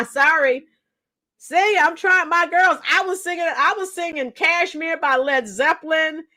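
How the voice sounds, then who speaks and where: A hoarse woman with a high, bright voice hosts a casual livestream and greets her viewers one by one. She talks at an unhurried pace and rambles between chatter and snatches of rock songs. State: hoarse, lost her voice from singing. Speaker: teacher and livestream host.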